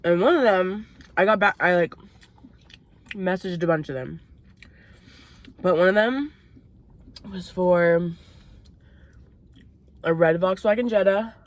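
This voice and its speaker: A young vlogger from Maine eats in a parked car while casually telling a story, swearing and laughing between bites. Her lowish voice takes it slowly, pausing often.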